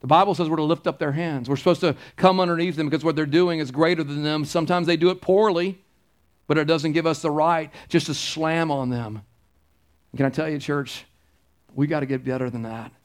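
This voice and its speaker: A man's voice: on the high side, steady tone, brisk. A middle-aged man, preaching a conversational sermon in a church, anecdotal and emphatic. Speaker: pastor.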